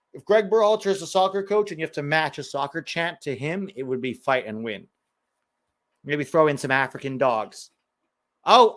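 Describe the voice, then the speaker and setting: An American man hosting a live match watch-along, chatting casually with a sarcastic, riffing manner between reactions to the game. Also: on the high side.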